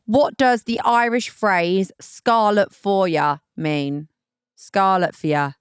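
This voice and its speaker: A woman's voice: medium pitch, slow, clean tone, no room sound, clean studio sound. A young woman co-hosting a podcast, quizzing her co-host in casual chat with a blunt, teasing manner.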